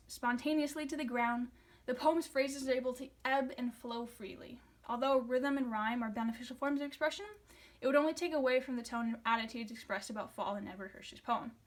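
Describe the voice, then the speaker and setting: Young woman giving a class presentation. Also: a little high. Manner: reads from a script, with fillers and restarts when explaining. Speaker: student presenter.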